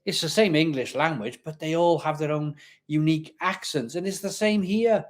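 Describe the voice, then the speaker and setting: A Welsh-accented man from Barry hosts a live stream, chatty and rambling, reading out viewer comments and repeating himself. His slightly high voice carries a faint growl at the back and moves at normal speed.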